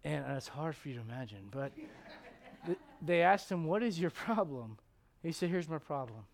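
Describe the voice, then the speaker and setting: A middle-aged man preaching a sermon to a congregation, animated and joking with the crowd, quoting God and people in playful voices. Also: fairly high pitch, normal speed, gravelly. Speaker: pastor. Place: church.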